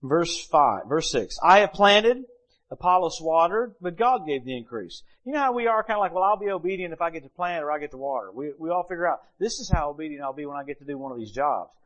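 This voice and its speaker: A middle-aged male preacher delivering a sermon in a slightly higher-than-usual voice. He reads scripture aloud and then moves into lively, humorous storytelling. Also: fast, few pauses.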